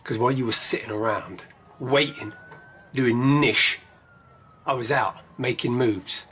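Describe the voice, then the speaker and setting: A man's voice: medium pitch, unhurried, sharp tone, a little hiss or hum, voice pushed down. A man voicing his own smug, taunting inner self. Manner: taunting, boastful.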